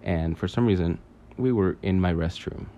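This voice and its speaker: A man telling a long dream story in a halting, rambling way, full of fillers, restarts and casual swearing. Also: low-pitched, mellow, muffled recording, slight background noise. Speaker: podcaster recounting a dream.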